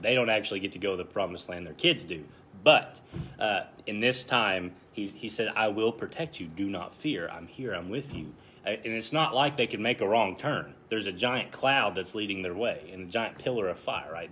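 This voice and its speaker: A man in his thirties teaching a Bible passage in a relaxed, conversational way, joking at his own expense. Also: on the low side, brisk, slight background noise. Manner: conversational, self-deprecating, chuckles often. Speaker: Bible study leader. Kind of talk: casual Bible study teaching.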